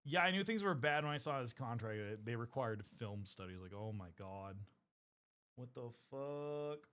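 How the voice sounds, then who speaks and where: A man streams himself painting miniatures, casually chatting, rambling and cursing frequently with his viewers. He talks at normal speed in a clear, resonant, fairly bright medium-pitched voice with lively intonation.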